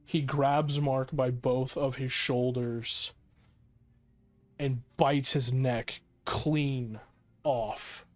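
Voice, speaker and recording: Slow, unhurried man game master. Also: medium pitch, fairly even intonation. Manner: descriptive, many fillers. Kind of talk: narrating a tabletop game.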